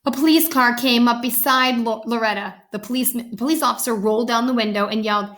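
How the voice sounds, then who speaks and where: A woman reads a picture book aloud to children and chats about the illustrations along the way. Her voice is bright and a little high. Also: fairly even intonation, fairly quick. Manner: chatty, reacting to the pictures.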